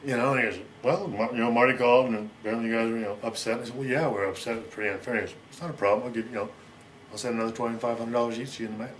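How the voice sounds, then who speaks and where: A middle-aged American man in a sit-down interview, telling a long story in a rapid, rambling way and acting out what others said. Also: medium pitch, fairly even intonation, slight background noise. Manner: rapid, rambling, acts out quoted lines.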